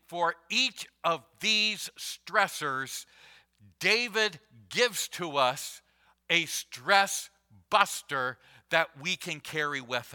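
A man delivers a sermon from the pulpit, unhurried and deliberate, circling back to repeat key phrases. His voice is strikingly bright and sits a little high for a man. He lets each point land before moving on. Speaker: pastor.

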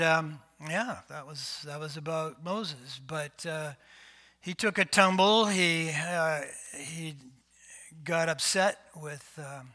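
Slow, bright-voiced male pastor preaching. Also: on the high side. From Canada. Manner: slow, conversational preaching with fillers and rhetorical questions. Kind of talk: sermon.

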